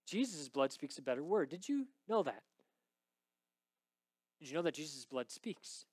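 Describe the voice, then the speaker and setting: Male pastor, high voice, dry close sound, dramatic sermon delivery with hushed drops and loud peaks. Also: very animated, moderate pace, breathy edge, no echo.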